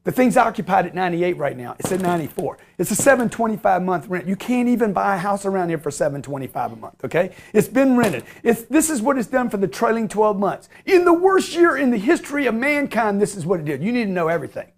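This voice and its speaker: A man hosting a call-in radio show, pitching deals in a fast, animated way and acting out his conversations. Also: slight background noise.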